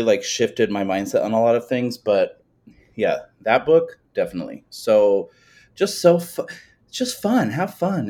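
A man's voice: mid-range voice, darkish tone. A man hosts a podcast from his home. His voice sits in the middle range, and he talks with easy enthusiasm. He keeps agreeing with his guest. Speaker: podcast host, former teacher. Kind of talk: casual conversation. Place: at home with dogs nearby.

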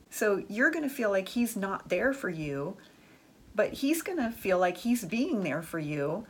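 A woman with a husky, breathy voice at a middling pitch talks straight to the listener about dating. She is chatty and frank, leaning on "like" and "the truth is" as she tells stories about her friends. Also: big pitch swings, moderate pace. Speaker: dating and relationship advice speaker. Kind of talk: casual advice monologue with stories.

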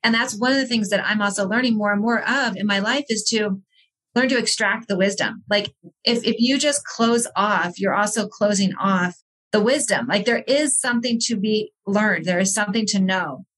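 A woman's voice: mid-range voice, moderate pace, a bit bright, low-quality recording. A woman talking as a podcast guest, an author and coach, speaking earnestly and reflectively with frequent restarts. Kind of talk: candid personal conversation.

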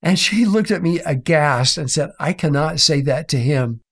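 A man's voice: a little high, moderate pace, husky. A middle-aged man telling a faith story in an interview, acting out the people he quotes. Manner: animated storyteller, acts out quoted voices. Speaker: author and guest.

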